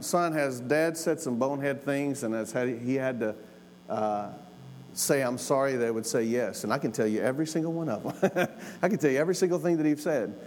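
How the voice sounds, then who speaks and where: A man's voice: a little high, a little mellow. Middle-aged man, sermon storyteller, folksy and earnest, repeats for emphasis; long hall reverb, faint room hiss.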